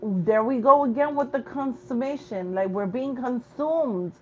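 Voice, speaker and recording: A woman's voice: a little high, a little slow, warm tone, muffled recording, slight background noise. A woman giving a spiritual message in a vlog, talking bluntly with plenty of swearing and street slang. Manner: blunt, profane, slangy preaching. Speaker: spiritual reader.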